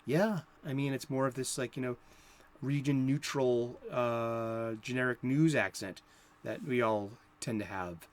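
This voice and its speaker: A man's voice: mid-range voice, a little slow. A middle-aged man from South Boston with a Boston accent, chatting casually as a comic book show host, rambling and often breaking off mid-sentence. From South Boston, USA. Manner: rambling, self-interrupting, chatty.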